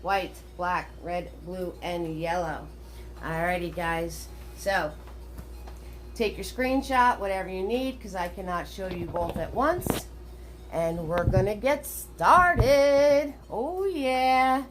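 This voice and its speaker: A woman's voice: medium pitch, animated, takes it slowly. A woman hosting a live painting class online, chatting with viewers and greeting them in a sing-song way. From Washington state. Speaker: paint party host.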